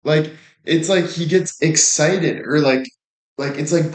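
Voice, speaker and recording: In an echoey space, a young man chats on his livestream, his voice a little high and his pace a little slow. His stories meander and turn crude, with frequent swearing.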